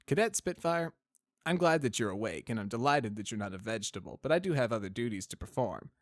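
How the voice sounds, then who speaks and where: A man's voice: mid-range voice, expressive, fast talker, no echo, voice pushed up, natural voice. A man voicing a male pony army doctor who speaks in a dry, formal, wry way.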